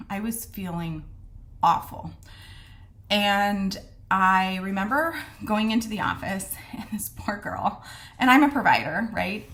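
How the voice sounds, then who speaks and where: A middle-aged woman with a mid-range voice tells her own story in a casual, candid way. She acts out the lines people said to her with lively, animated energy. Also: medium pitch. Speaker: midwife sharing her diagnosis story.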